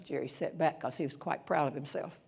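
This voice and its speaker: An older woman, a humorist and speaker, telling a story on stage in an animated, wry way and acting out the quotes with exaggeration. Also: deep voice, a little fast, vocal fry. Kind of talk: stand-up storytelling.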